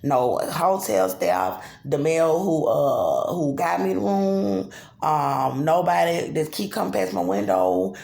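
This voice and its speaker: A woman filming herself on a phone in a dark motel room, talking in an agitated, profane, repetitive way. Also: deep voice, animated, slow pace, vocal fry. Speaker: vlogger. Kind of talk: angry self-filmed monologue. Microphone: phone camera. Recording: echoey room.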